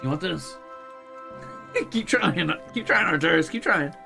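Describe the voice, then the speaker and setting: A young male streamer talks casually, coaxing and teasing with offhand swearing. His voice is bright and gravelly, swinging widely in pitch, with faint music underneath. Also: expressive, a little slow. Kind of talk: casual live stream chat.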